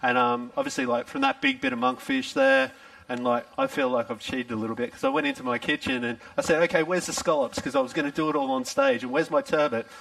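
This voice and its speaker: A man's voice: extremely high pitch, animated, fast, creaky, fairly bright tone, dry recording, distant mic. A middle-aged man from Australia with an Australian accent, chatting through a live cooking demonstration at a festival tent and poking fun at himself. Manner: chatty, self-deprecating, asks his co-chef questions. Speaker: chef.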